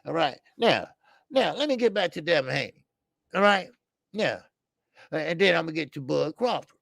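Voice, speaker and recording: A man's voice: on the high side, animated, normal speed, gravelly, a bit bright, no echo, clean studio sound. An older man hosting a boxing show, talking bluntly and profanely in a rambling casual commentary with stammered fillers. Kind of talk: casual live-stream commentary.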